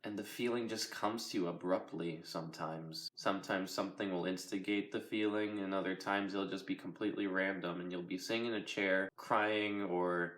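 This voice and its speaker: A young man with a very deep voice, speaking in a flat, near-monotone way that keeps stopping and restarting. He is recorded in an echoey room at home. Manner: quiet, flat, monotone delivery with halting pauses. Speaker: vlogger. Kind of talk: personal confessional vlog.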